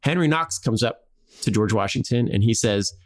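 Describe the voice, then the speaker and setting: A man's voice: fairly low pitch, expressive, normal speed. A man hosting a podcast, telling a history story casually with lots of "like" and jokey acted-out quotes.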